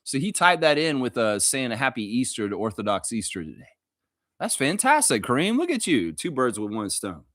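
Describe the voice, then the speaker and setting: A man from Canada hosting a casual fan live stream, reading viewer comments aloud and reacting loudly, with a lot of swearing. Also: mid-range voice, moderate pace, no echo, clean studio sound. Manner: loud, animated, swears freely, reads viewer comments aloud.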